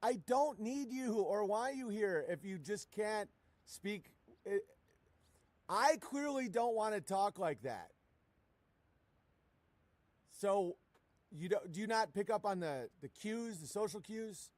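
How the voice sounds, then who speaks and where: A man's voice: high voice, animated, measured pace, no echo. A man delivering a crude, mocking, profane rant on a livestream, full of sarcasm. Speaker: livestream comedian. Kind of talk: crude ranting stream monologue.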